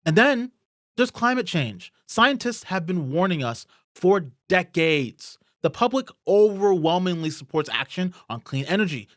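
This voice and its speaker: A fired-up man hosting a political rant, his fairly high voice leaping up and down as his anger builds. He swears freely and pushes hard on every point. The recording is dry and close, with no room sound. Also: a bit bright, no echo. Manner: heated, swearing, rising to angry outbursts. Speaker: political commentary host. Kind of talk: impassioned political monologue.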